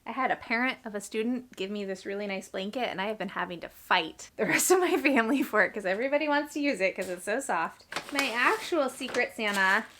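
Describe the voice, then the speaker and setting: Bright-voiced woman chatting casually. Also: a little high, animated, brisk, few pauses, a little hiss or hum. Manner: rambling, chatty, self-interrupting. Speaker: reading vlogger; teacher. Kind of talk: casual chat.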